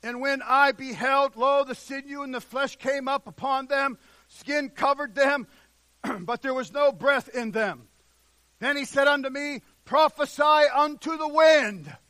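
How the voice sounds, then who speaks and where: A man preaching a sermon with fervor, drawing out the scripture he reads and swinging from shouts to hushed passages. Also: very high voice, steady tone, dry recording. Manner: drawn-out emphatic scripture reading.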